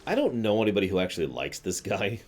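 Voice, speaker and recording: A man's voice: lowish voice, sing-song, quick pace, faint music behind. A man streaming a video game, giving casual commentary with chatty, offhand asides.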